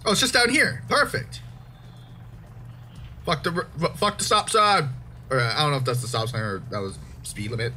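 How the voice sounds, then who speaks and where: Animated young man doing gameplay commentary. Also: a little high, moderate pace, soft background music. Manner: swearing, exasperated, joking. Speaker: gaming YouTuber.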